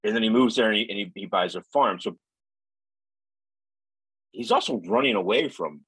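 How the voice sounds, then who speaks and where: A man with a low, husky voice co-hosts a casual movie-discussion podcast. He sounds relaxed and teasing, dropping easy asides as he talks. The sound is dry and close to the microphone. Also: moderate pace, no echo, poor audio. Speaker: podcast co-host.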